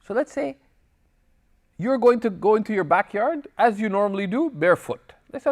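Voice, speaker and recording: Guy teaching a class, fairly high voice that swoops around a lot, reads arabic bits then explains. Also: normal speed. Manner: lively, switches between Arabic text and English explanation; tells anecdotes, acting out dialogue in passing. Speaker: Islamic teacher. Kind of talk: recorded class lecture.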